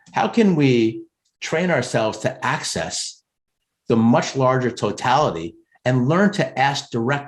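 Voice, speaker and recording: On a group call, a career coach from the United States talks about spirituality in an earnest, conversational way. He frequently lifts his pitch to stress a point.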